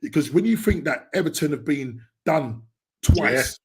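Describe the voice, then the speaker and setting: Man, podcast host, casual football chat, rambling, excitable, mid-pitched voice. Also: a little slow. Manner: rambling, excitable, lots of fillers and restarts.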